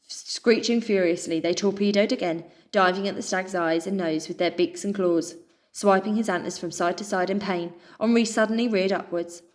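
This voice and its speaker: A woman reading a children's adventure story aloud with expressive narration. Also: medium pitch, normal speed. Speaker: children's book reader.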